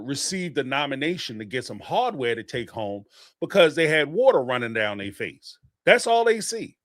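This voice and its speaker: A man's voice: fairly high pitch, no room sound, studio quality. A man giving casual live reaction commentary on a reality show, blunt and profane, often mimicking people in mocking voices.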